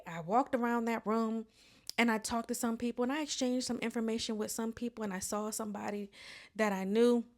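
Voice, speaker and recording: A young adult woman hosting a podcast, telling a story in a casual, animated way, swearing freely and stressing her points. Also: mid-range voice. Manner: animated, profane, emphatic storytelling with frequent "um". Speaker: podcast host.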